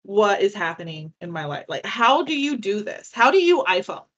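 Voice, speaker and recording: Animated woman podcast co-host, slightly dull sound. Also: mid-range voice, normal speed, a little hiss or hum. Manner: animated, joking, exasperated. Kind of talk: casual chat.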